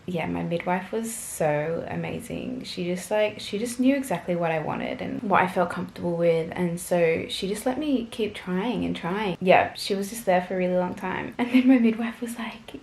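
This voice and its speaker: A woman's voice: lowish voice, normal speed, roomy sound. A young woman vlogger telling a personal story to camera in a chatty, gushing way, full of fillers.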